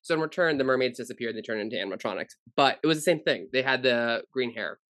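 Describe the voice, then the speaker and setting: A man's voice: mid-range voice, lively intonation, quick pace, fairly bright tone, no echo, clean studio sound. Rambling man chatting on a podcast. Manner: rambling, many fillers. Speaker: podcast co-host. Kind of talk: casual podcast chat.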